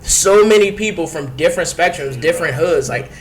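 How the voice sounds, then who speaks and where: A man's voice: a little high, brisk, slight background noise. A young man hosting a casual podcast interview, talking loosely with lots of fillers. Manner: relaxed, lots of "like", hypes guests. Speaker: podcast host.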